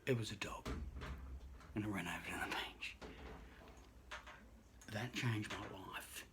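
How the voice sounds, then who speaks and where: Earnest man in a noisy recording. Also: on the low side. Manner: earnest, halting, drops into hushed near-whispers. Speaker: registered nurse. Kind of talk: personal story told to camera.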